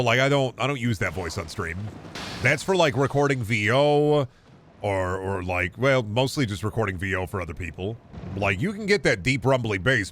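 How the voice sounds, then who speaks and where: A man's voice: lowish voice, fairly bright tone, a little hiss or hum. A young man casually commenting on a game stream, rambling, jokey and profane. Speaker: gaming streamer.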